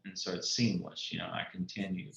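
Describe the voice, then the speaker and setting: A man, an author telling stories from his life in a relaxed interview. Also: low voice, a little fast, vocal fry. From Louisiana. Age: 50s. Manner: folksy, anecdotal, quotes mentors. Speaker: author guest. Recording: roomy, muffled lo-fi sound.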